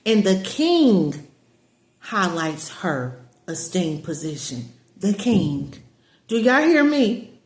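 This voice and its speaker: A woman preaches straight to her online followers, emphatic and repetitive, in a voice of middling pitch. She keeps calling them y'all and driving each point home again. The sound bounces around an echoey room. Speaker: spiritual teacher and online community leader. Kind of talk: casual preaching to viewers.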